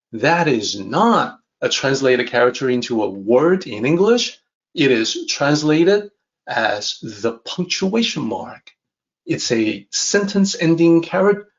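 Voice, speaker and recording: A man talks through a classic text in a calm teaching voice, going over each idea more than once. He speaks slowly and deliberately at a middle pitch. The recording sounds a little dull and lo-fi. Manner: measured, repeats and rephrases ideas. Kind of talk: calm explanatory lesson.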